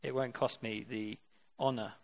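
Male preacher, earnest and conversational in the sermon, mid-pitched voice. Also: fairly even intonation, a little slow, gravelly.

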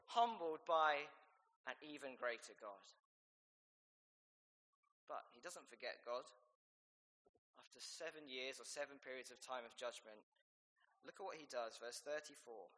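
A man preaching a sermon, reading scripture aloud and rising to loud, emphatic peaks. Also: medium pitch, moderate pace, long pauses. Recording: long hall reverb.

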